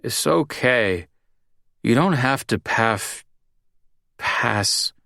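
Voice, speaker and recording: A man's voice: mid-range voice, expressive, extremely slow, creaky, pushed and bright, no echo, clean studio sound, voice pushed up, full character voice. A man reading an audiobook, voicing a drunk, self-pitying young bartender who mumbles and slurs. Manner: slurred, mumbling. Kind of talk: audiobook character voice.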